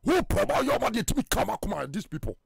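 Husky gravelly Ghanaian preacher, lively pitch. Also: male voice, fast, no room sound, clean studio sound. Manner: emphatic, rising to loud bursts. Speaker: evangelist. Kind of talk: preaching in Twi and English.

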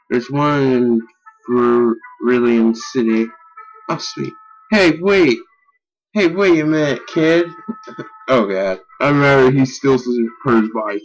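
Young man, let's play commentary, swears and yells, lively jumpy pitch, slow drawn-out delivery, faint music behind. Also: rough recording. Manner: excitable, frustrated, swears and yells at the game. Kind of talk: casual gameplay commentary.

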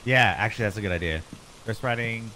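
A man calmly directing a teammate through a horror game. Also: fairly low pitch, fast talker. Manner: calm, directing the team. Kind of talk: casual gaming chat. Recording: noisy stream audio.

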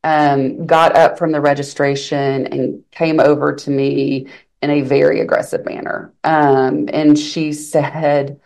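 Low-voiced woman recounting events. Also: slow, creaky. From Arkansas. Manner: animated, quotes others' lines while recounting events. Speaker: attorney guest. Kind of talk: interview storytelling.

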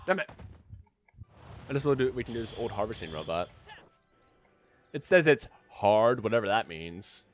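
Young male gaming host, boastful trash-talker, lively swooping voice, faint music behind. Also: fairly low pitch, moderate pace, pauses often. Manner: boastful, joking, yells at the game. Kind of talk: gameplay commentary.

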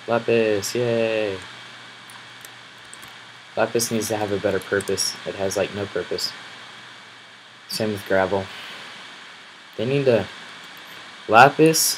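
Male let's-play commentator, slow and grumbly, loud outbursts at enemies, noisy home recording. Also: fairly low pitch. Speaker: gameplay commentator.

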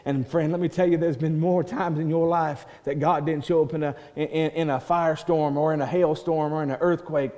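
A male pastor preaching a sermon, swinging from loud proclaiming to soft hushed quoting and restarting words as he builds a point. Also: fairly high pitch, fairly even intonation, a little fast. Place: church sanctuary. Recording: church hall reverb.

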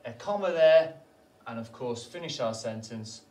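A man's voice: medium pitch, expressive, a little slow, far from the mic. A primary school teacher explains the lesson patiently, posing questions to the children and answering them himself. He sits some way from the microphone, so his voice carries the echo of a bare room. A faint hiss runs underneath.

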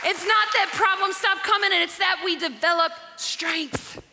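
Bright, exuberant woman pastor preaching. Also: very high-pitched, normal speed, some chatter behind, a little hiss or hum. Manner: exuberant, laughing, swings from soft to shouting. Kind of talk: sermon. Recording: live church hall reverb with music.

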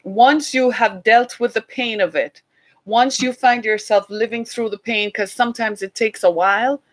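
A woman in her forties giving a sermon-style talk, telling a family story with animated acted-out dialogue. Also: moderate pace. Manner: animated storytelling, acting out quoted dialogue in a higher voice. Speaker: speaker addressing a congregation.

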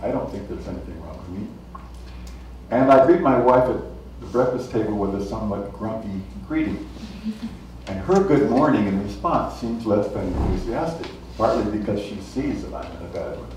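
A man giving a public lecture in a measured, explanatory way, illustrating points with small anecdotes. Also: fairly low pitch, expressive, darkish tone, slight background noise. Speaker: guest lecturer. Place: lecture hall. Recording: echoey hall, mic from a distance.

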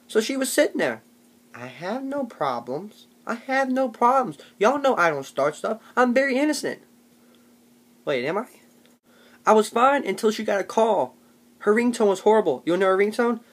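A man's voice: high-pitched, animated, moderate pace, long pauses. A young man tells a comic story on his vlog in a loose, rambling way. He jokes as he goes and keeps slipping into little mock voices. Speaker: vlogger.

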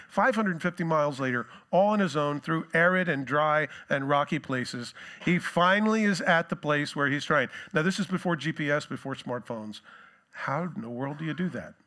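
A male pastor preaching a sermon in a relaxed, conversational way with joking asides. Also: fairly high pitch.

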